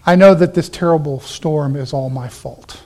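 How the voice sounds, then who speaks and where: A man pastor preaching a sermon, animated, acting out the Bible characters in quick asides. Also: on the high side.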